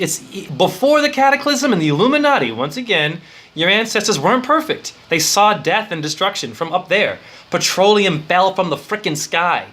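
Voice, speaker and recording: Excitable rambling male spiritual teacher. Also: high-pitched. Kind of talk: improvised esoteric lecture.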